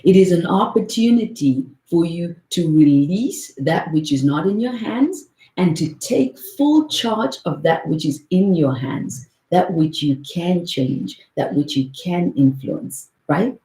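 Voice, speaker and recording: A woman's voice: fairly low pitch, lively intonation, takes it slowly, few pauses, warm tone. Earnest meditation teacher woman, echoey room. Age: 40s. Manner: earnest, repeats words for emphasis, frequent "right?". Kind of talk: motivational talk on a call.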